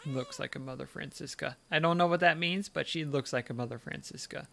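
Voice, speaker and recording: A man's voice: on the high side, brisk, vocal fry, background noise. A man streaming a game who comments playfully and coos at his pet between lines. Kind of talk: casual gameplay commentary.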